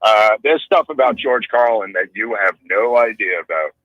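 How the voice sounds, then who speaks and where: A man's voice: lowish voice, animated, moderate pace, dry recording, highs cut off. A man appearing as a guest on a radio talk show, speaking in a conversational, confiding way. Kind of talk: casual radio interview.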